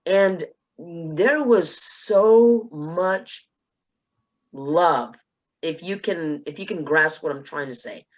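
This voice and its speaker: A woman from South Texas on a panel, telling a personal story in a lively way and acting out the dialogue. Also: on the low side, takes it slowly, lo-fi sound. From South Texas, USA. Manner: lively, acts out dialogue in quotes. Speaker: panelist, speech contest finalist.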